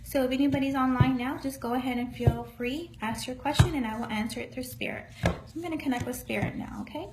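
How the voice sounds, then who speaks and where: A woman's voice: high voice, fast, very noisy. A woman psychic medium giving a casual live-streamed spiritual reading, speaking in an earnest, encouraging and folksy way. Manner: earnest, encouraging, folksy, calls listeners honey.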